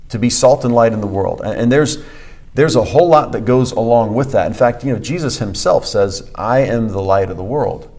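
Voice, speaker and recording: With a mid-range, darkish voice at normal speed, this pastor co-hosts a church podcast. He teaches conversationally and with emphasis, returning to key phrases and filling gaps often.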